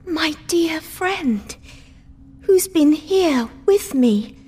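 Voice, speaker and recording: A woman's voice: high voice, lively intonation, very slow, mellow, pitched above the performer's own voice, heavily acted. A woman voicing a frightened, dying young woman in a storybook reading, breathless and pleading. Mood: weak, fading.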